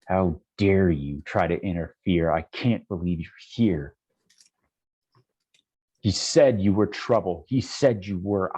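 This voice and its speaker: Man doing a slow menacing drow woman. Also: a little mellow, slightly rough, heavily acted. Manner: slow, low menacing threats. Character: furious vengeful drow woman leader. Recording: dull lo-fi sound.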